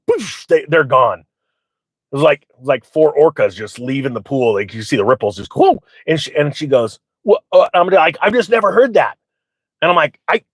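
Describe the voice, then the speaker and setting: A middle-aged man of ordinary pitch rambles through personal stories for his viewers, jumping into quoted voices. The sound is dry and close, with no room around him. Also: no echo. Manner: rambling, animated retelling with quoted voices and frequent fillers. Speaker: channel host. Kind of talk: casual storytelling to viewers.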